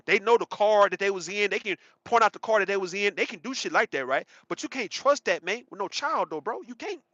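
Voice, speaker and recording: A man's voice: high voice, animated, fairly quick, a bit bright, no room sound. A man in his thirties giving a rambling, profane, emphatic casual commentary monologue, often repeating himself. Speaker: commentary channel host. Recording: dull, muffled sound.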